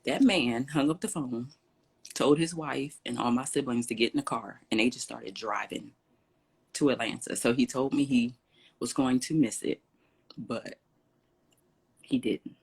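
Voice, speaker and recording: A woman guest in an interview telling a personal story in an animated way, acting out what others said and often clearing her throat. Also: a bass voice, a little slow, pauses often. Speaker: interview guest, salon owner.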